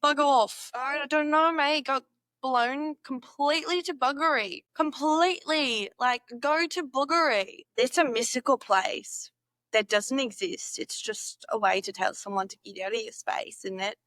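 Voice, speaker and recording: Young woman, fairly high voice, dry close sound, giggly, playful, repeats words to try them. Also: measured pace, a bit bright, dry recording. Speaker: vlogger. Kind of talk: reading slang aloud and trying an accent.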